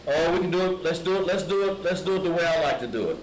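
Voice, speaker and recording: A man's voice: a little high, expressive, quick pace. Man teaching letters in an echoey room. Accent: Southern American. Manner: patient, step-by-step explaining. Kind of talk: classroom instruction. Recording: echoey room with background noise.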